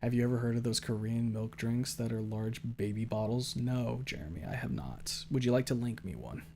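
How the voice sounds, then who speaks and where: A man's voice: a little fast, vocal fry, slight background noise. Rambling young man streamer, joking around. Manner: jokey and rambling, swings between loud excited bursts and low mumbled asides. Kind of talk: casual chat reading out viewer messages.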